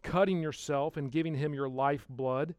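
A man preaching a sermon as pastor, putting rhetorical questions to the congregation and swinging from hushed to loud. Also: fairly high pitch, steady tone, normal speed, dry recording, clean studio sound.

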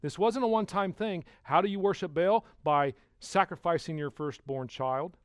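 Emphatic preaching man, higher voice. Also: moderate pace, clean tone, no echo, clean studio sound. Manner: emphatic preaching, swings from hushed to loud; rhetorical questions to the congregation. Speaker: pastor. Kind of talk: sermon.

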